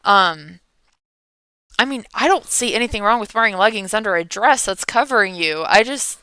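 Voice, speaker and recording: Millennial woman, 30s, tired, rambling vlogger; crisp, clean, close sound. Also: medium pitch, animated, normal speed, pushed and bright, dry recording. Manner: rambling, chatty, trailing off. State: yawning, tired. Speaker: meme creator. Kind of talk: casual Q&A vlog.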